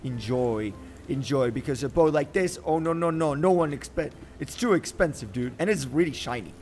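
A young man casually commentating his gameplay with an excitable, boastful joking manner, his voice hoarse from screaming. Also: fairly high pitch, normal speed, slight background noise. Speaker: gaming video host. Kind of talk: casual let's-play commentary.

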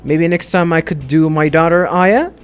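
A man's voice: on the high side, normal speed, soft background music, close to an everyday voice. A man voicing a flamboyant male spirit who puts on a cutesy girlish act, talking in a gushing, coy, sing-song way.

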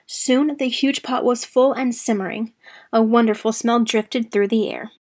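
A woman reads a children's story aloud in a church service. Her voice sits fairly high and her storytelling is expressive and animated. She shapes each line for young listeners. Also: a little slow.

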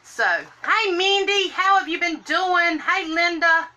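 A woman's voice: very high voice, slow pace, pushed and bright, dull audio. A woman, chatting on a live stream while doing her makeup and greeting viewers by name in a sing-song lilt. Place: home room, indoors.

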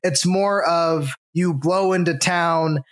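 Podcast co-host, male, slightly high voice, casual and animated, jokes around. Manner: animated, acts out villagers in quick bits. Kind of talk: casual tabletop gaming chat.

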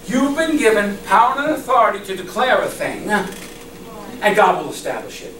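A man's voice: high-pitched, lively intonation, moderate pace, a bit bright, a little hiss or hum. A man preaching a sermon with fervent conviction, often breaking into laughter between phrases. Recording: echoey room, mic far off.

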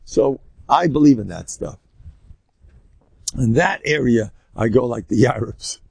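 A man's voice: mid-range voice, animated, unhurried, creaky, darkish tone, breathy edge, no room sound. An older man, a rabbi giving an informal lecture, telling stories animatedly with rambling asides and Yiddish words sprinkled in.

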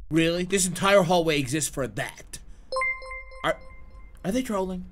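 A man streaming a horror game live, excitable and profane, chatting with his viewers in slang and breaking into shouts. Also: a little high, measured pace, over music. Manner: slangy banter with chat. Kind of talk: live horror gameplay commentary.

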